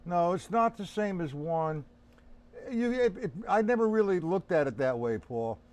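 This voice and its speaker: A man's voice: high voice, lively intonation, moderate pace, a little mellow. A man teaching a casual drum lesson on a live stream, talking bluntly and calling viewers by name.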